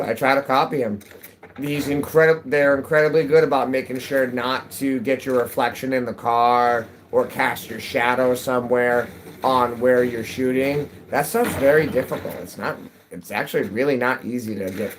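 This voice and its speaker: A man's voice: medium pitch, a bit bright, slight background noise, poor audio. A man live-streaming a game, chatting casually with viewers in a rambling, jokey way, his voice cracking. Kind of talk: casual live-stream chat while gaming.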